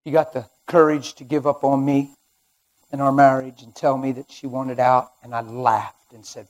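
A middle-aged man preaching a sermon as a personal testimony, swinging between hushed and loud as he tells the story. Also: mid-range voice, flat delivery, normal speed.

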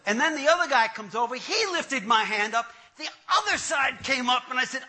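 A man's voice: very high voice, moderate pace, few pauses, noisy background. A man, an entertainer, telling his testimony as a comic story, laughing as he goes. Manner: animated, laughing through the story.

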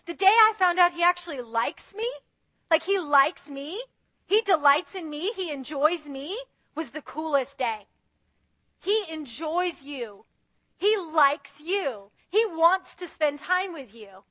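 A woman's voice: very high-pitched, animated, a little slow, sharp tone, no room sound. A woman preaching an earnest, conversational sermon, acting out her own prayers to God.

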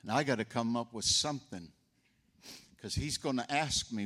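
This older man's voice is mid-range, at normal speed, pushed and bright. As his sister's eulogist, he tells folksy stories about her and acts out the voices of those involved.

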